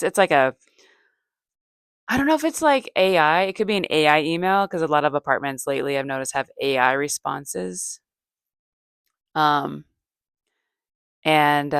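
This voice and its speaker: Middle-aged comedian lady, low voice, rambly chat full of ums, dry close mic. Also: dry recording. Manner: meandering, chatty, many fillers and asides. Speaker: comedian and podcast host.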